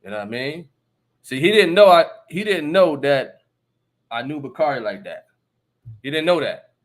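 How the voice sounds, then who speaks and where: A man's voice: on the high side, lively intonation, normal speed. A man hosting a casual live stream, talking emphatically and often asking listeners if they understand. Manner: laughs between remarks. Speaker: livestream host.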